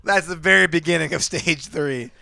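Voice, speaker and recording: A man's voice: fairly high pitch, normal speed, vocal fry, sharp tone. A man on a comedy podcast who teases his friends playfully, laughs often and riffs on absurd stories. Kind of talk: casual comedic chat.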